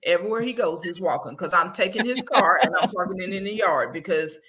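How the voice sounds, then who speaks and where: A woman, a mother of four, chatting as a guest and telling family stories in a lively, animated way. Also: fairly low pitch, quick pace, slight background noise. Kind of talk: casual storytelling chat.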